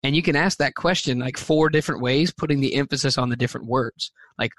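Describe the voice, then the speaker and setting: A man's voice: mid-range voice, fast talker, a bit bright, no echo. A man being interviewed as a teacher and speaker, answering earnestly and thoughtfully, with frequent fillers and restarts.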